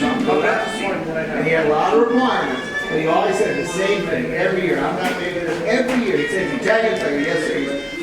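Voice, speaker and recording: Echoey high-voiced tour guide telling stories. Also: male voice. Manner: animated storyteller acting out quoted voices. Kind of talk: storytelling hotel tour. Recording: echoey hall from far off, crowd noise.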